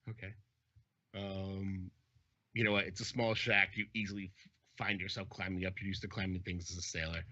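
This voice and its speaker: A man narrates a horror tabletop game as the dungeon master, setting each scene with slow, halting description. His voice is husky and forceful, sitting on the low side. The sound is dry and dull, like a lo-fi recording. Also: flat delivery, dry recording. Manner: descriptive, hesitant with fillers.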